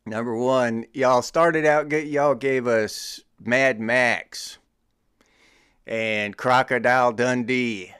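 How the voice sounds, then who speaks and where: A man's voice: mid-range voice, steady tone, slow pace, fairly bright tone, clear, resonant tone, dry recording, clean studio sound. A middle-aged American man hosting his own show, teasing and joking in casual commentary with frequent chuckles. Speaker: podcast host.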